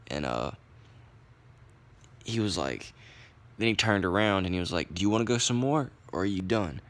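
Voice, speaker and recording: A man's voice: sits low, pushed and bright. A young man, casually telling a story in a rambling, profane way. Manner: profane, rambling, laid-back. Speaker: vlogger.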